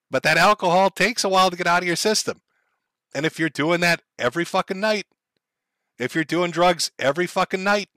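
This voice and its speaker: A man's voice: on the high side, sharp tone, dry recording. A man commenting on a clip for his stream chat, blunt and profane. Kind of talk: reaction commentary.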